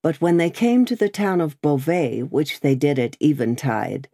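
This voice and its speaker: An audiobook reader gives a scripted narration of a classic novel in a steady, measured manner. The middle-pitched voice is captured close and dry, with no room sound or echo.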